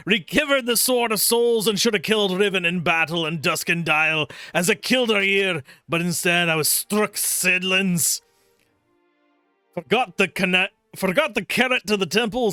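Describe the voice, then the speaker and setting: A man's voice: sits high, pushed and bright, clean tone, no echo, pitched above the performer's own voice. A man reading out a dead warrior's eulogy in a put-on Scottish accent, with a strained, throaty, old-fashioned delivery. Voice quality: strained, throaty, archaic speech. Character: dying undead warrior's eulogy, male, anguished.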